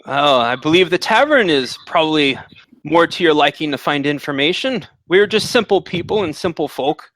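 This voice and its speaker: A man doing a gruff, wary farmer father. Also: on the high side, expressive, normal speed, fairly bright tone, no room sound, poor audio. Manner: scolding, suspicious.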